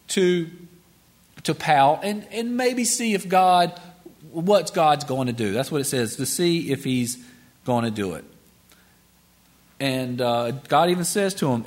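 A male preacher, a little higher-pitched than most men, talking through a sermon in a loose, conversational way. His pitch swings widely as he goes, with frequent chuckles and stammered restarts. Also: very animated, normal speed.

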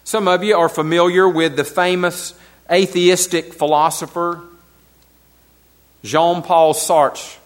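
A man with a high voice preaches a sermon to his congregation. He repeats key phrases for emphasis, lets some lines drop soft and low, and puts questions to his listeners. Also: steady tone, moderate pace. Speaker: pastor.

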